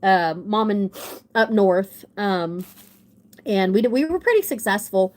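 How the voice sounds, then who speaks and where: A woman's voice: medium pitch, animated, takes it slowly. A young adult woman telling a rambling, self-deprecating story in casual chat on a livestream, with a runny nose. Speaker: livestream guest.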